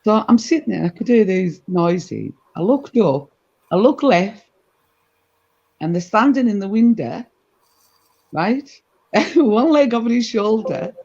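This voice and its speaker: Animated woman telling gossip. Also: mid-range voice, measured pace, long pauses. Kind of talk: casual storytelling chat. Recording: dull lo-fi recording.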